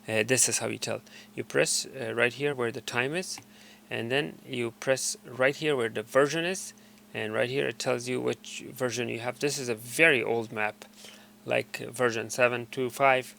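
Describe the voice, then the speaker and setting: A man explains a gadget's menus one by one in an easy, unscripted way, stumbling over words and filling gaps with "uh." His voice has a gravelly rasp. Its tone is bright and forward. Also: medium pitch, fairly even intonation, normal speed, slight background noise. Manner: loose, hesitant, full of uh and restarts. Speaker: tutorial presenter. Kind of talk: casual screen walkthrough.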